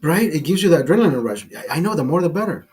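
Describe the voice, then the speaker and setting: A middle-aged man hosting a podcast, telling a profane, animated anecdote in casual chat and acting out the quotes. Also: a little high, racing, slightly rough, soft background music. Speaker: podcast host telling a story.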